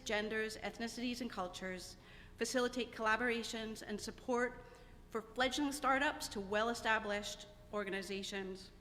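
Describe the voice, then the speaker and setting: Bright-voiced American woman giving a speech. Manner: emotional, thankful, halting with fillers. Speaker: arts organization director. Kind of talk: speech at annual meeting. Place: theater. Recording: reverberant theater, faint rumble.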